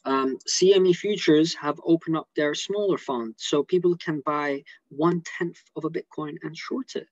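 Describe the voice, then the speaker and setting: A man with an English accent giving rambling, excitable commentary on a live stream over a video call. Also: a little high, moderate pace, hardly any pauses, no echo, highs cut off. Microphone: computer mic on a video call.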